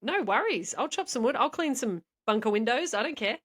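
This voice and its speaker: A woman's voice: on the high side, expressive, fairly quick, crowd noise. A woman co-hosting a podcast, telling a story in a rambling, chatty way and laughing often. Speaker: podcast co-host. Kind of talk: casual podcast chat.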